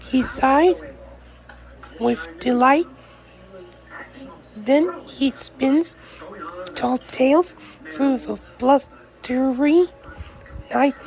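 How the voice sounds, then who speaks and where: A woman reading a picture book aloud in a slow, rhythmic, sing-song way. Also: high voice, creaky, a little mellow, poor audio. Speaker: storyteller.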